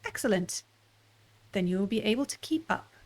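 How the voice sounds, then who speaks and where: A woman's voice: mid-range voice, expressive, moderate pace, lightly acted. A woman reading aloud the lines of a formal, dutiful male robot servant in a stiff, polite manner. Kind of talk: reading game dialogue aloud.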